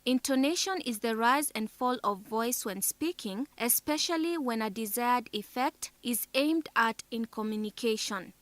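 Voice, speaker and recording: A woman narrating a scripted English lesson in a deliberate way, carefully sounding out syllables and example words. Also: fairly high pitch, lively intonation, dry recording. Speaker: teacher narrator.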